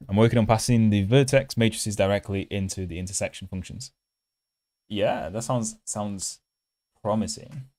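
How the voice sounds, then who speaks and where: A man with a low voice hosts a coding livestream from his desk. He chats with viewers, jokes at his own expense and sometimes pulls the mic right up to his mouth. The sound is dry and close, with no room in it. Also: moderate pace, darkish tone, no echo. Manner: chatty and self-mocking, reads chat aloud; holds mic close in a mock ASMR voice. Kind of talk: casual livestream chat while coding. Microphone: handheld mic held close.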